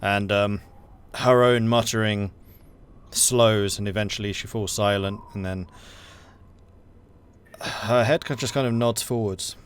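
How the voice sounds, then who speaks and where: A man's voice: lowish voice, fairly even intonation, a little slow, a little hiss or hum. A man narrating a tabletop role-playing game as game master, in a loose, conversational way with frequent fillers.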